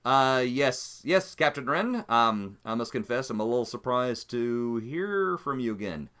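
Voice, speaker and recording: A man's voice: medium pitch, expressive, unhurried, a bit bright, smooth. A man voicing a nervous male ship pilot who speaks hesitantly and stammers.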